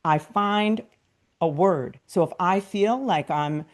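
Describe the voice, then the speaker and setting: A woman from New York hosts a casual podcast chat. Her voice sits low, and she speaks earnestly. When she recites affirmations, she sinks into a soft undertone. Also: slow. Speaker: podcast host.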